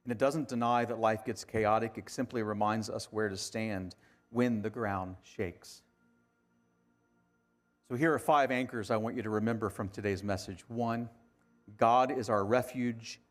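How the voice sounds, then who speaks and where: A man delivering a sermon as a pastor, talking conversationally and swinging from hushed, quiet lines to emphatic ones. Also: fairly low pitch, normal speed, soft background music.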